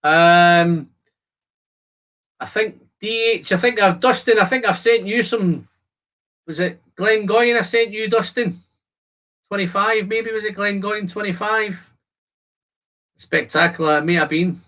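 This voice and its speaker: A man's voice: high voice, a little slow, long pauses, pushed and bright. Chatty man hosting a whisky live stream. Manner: chatty, reads and answers viewer comments; describes whisky aromas while tasting. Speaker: whisky channel host. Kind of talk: casual live stream chat.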